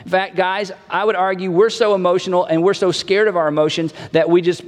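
High-voiced male pastor in a reverberant hall. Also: fairly even intonation, fairly quick. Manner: conversational, repeats key phrases, acts out quoted dialogue. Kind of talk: sermon.

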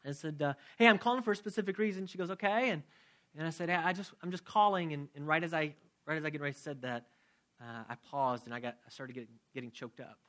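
Middle-aged pastor guy preaching, fairly high voice, chatty, asks the crowd stuff, gets loud then real soft. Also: quick pace. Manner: conversational, asks the congregation questions; swings from loud emphasis to soft, quiet prayer. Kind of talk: sermon with closing prayer.

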